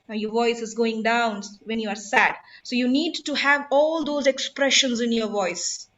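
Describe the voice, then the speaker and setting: Woman, public speaking trainer, emphatic, high-pitched, dull lo-fi audio. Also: moderate pace, hardly any pauses, fairly bright tone. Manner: emphatic, instructive, asks the audience questions. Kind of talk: online workshop talk.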